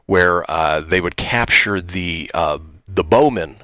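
A man's voice: sits low, slow, no room sound. A man hosting a radio show, reading this-day-in-history items in casual banter. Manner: lively, reads items then jokes.

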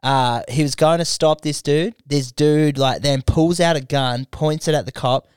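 Young Aussie male co-host, animated crude storyteller, clean dry close-mic tone. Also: fairly high pitch, a little slow, clean tone, no echo. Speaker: podcast co-host. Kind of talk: crude casual chat.

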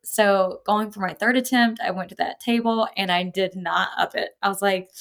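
A young adult woman, a podcast guest and powerlifting coach, telling her stories in casual chat, animated, often laughing and acting out what people said. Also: medium pitch, normal speed, vocal fry. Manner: animated, laughs often, acts out quoted voices.

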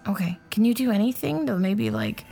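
A woman playing a tabletop role-playing game, speaking softly and tentatively. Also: mid-range voice, lively intonation, a little fast, creaky, soft background music. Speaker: player. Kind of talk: casual tabletop game play.

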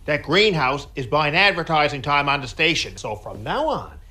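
A blunt middle-aged radio boss in a TV comedy lays down the law. His voice is bright and fairly high, with a lively swing. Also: moderate pace. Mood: decisive.

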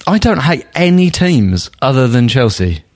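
A man's voice: mid-range voice, big pitch swings, unhurried, background noise. A man co-hosting a casual football podcast, joking and swearing as he talks. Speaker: podcast co-host.

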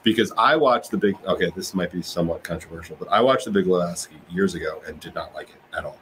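A man's voice: sits low, fast talker, fairly bright tone, a little hiss or hum, poor audio. A man talking as a podcast guest, rambling and laughing, with casual swearing. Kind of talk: casual chat.

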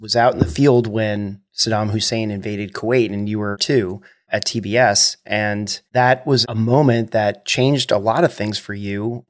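A man's voice: on the low side, gravelly. Man hosting a podcast interview. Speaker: podcast host. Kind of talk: interview questions.

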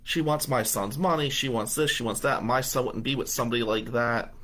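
A man's voice: mid-range voice, brisk, a bit bright, close to an everyday voice. A man playing a wealthy, dismissive middle-aged father inside a spoken story, defending his son.

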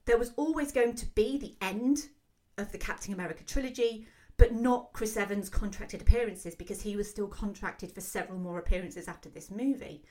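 A woman hosting a solo film commentary show, talking quickly and excitedly with frequent fillers. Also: mid-range voice. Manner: fast, excitable talker with many fillers. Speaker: film podcast host.

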